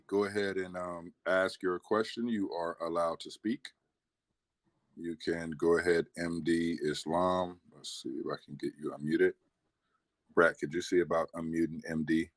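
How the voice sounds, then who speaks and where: A man with a very deep voice runs a live online Q&A and calls on people to speak in an upbeat way. The sound is dry and close, with no room around it. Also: dry recording. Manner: upbeat, calling on participants. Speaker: host of the Q&A session.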